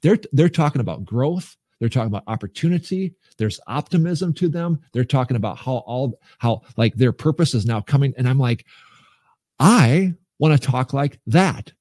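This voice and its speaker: A man's voice: mid-range voice, expressive, brisk, few pauses, mellow, no room sound. Earnest man telling his story, dry sound. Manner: earnest, emphatic, with frequent restarts. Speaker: podcast guest. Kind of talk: candid personal storytelling.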